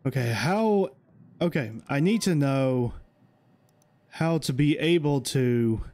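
A man's voice: a little high, animated, slow, darkish tone. A young man playing a horror game and commenting. He is jumpy, talks to himself and reads instructions aloud. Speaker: gamer. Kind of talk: let's play commentary.

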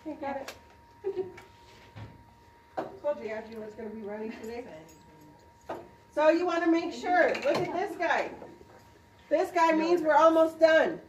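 A woman, a dental instructor, demonstrating a procedure to a class and quizzing students with quick questions. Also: sits high, far from the mic, noisy background. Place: clinic classroom. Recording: roomy sound from off-mic.

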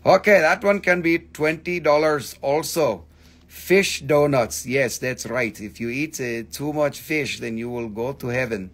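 Husky man joking while selling rocks. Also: medium pitch, unhurried. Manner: joking, profane, rambling. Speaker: crystal shop host. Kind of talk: casual live sales stream.

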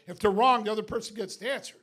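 A man's voice: high voice, rapid-fire, a bit bright, husky. A male stand-up comedian telling a profane story on stage in a comedy club, laughing through his punchlines. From Binghamton, New York.

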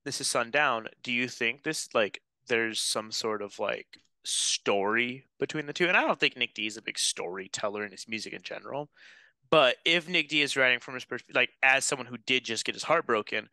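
A man's voice: medium pitch, normal speed, pushed and bright, no echo. A young man co-hosting a casual music chat, teasing his partner and thinking aloud with many fillers. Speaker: podcast co-host.

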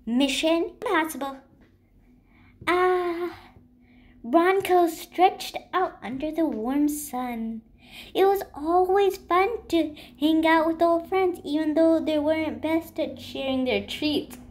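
A woman reading a children's picture book aloud in a gentle, expressive storytelling voice. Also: very high voice, slow. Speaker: storybook reader.

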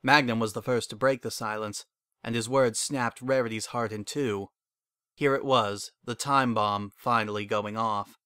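A man narrating a dramatic reading of fan fiction with expressive storytelling. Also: lowish voice, measured pace, clean tone, no echo, clean studio sound.

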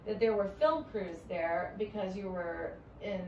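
Woman, podcast co-host, brisk, attentive, faint background noise. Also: medium pitch, echoey room, far from the mic, highs cut off. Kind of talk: casual interview.

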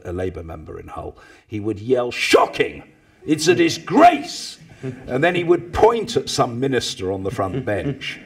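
A man, telling anecdotes to a live audience, with loud mimicking bursts. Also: deep voice, breathy edge. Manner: animated storyteller, mimics others with loud bursts. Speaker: former parliamentary speaker, guest.

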